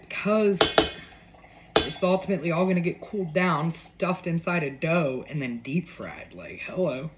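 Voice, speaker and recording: A woman's voice: on the low side, moderate pace, lo-fi sound. A woman chatting casually through a cooking demo in her home kitchen, full of joking asides. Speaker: home cook.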